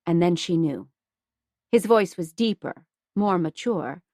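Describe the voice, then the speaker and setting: A woman reads a historical novel aloud in a measured, expressive voice. Her pitch sits in the middle, and the recording is dry and close. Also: no room sound. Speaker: audiobook narrator. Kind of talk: scripted narration.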